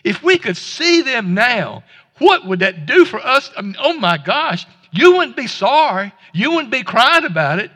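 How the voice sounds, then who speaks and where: A male pastor delivers a casual, down-home sermon, tripping over and restarting his words as he goes. His voice sits high and sounds bright and forceful. It rings out with the long reverb of a church hall. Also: very animated, moderate pace. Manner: conversational, folksy preaching with stammered restarts. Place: church sanctuary.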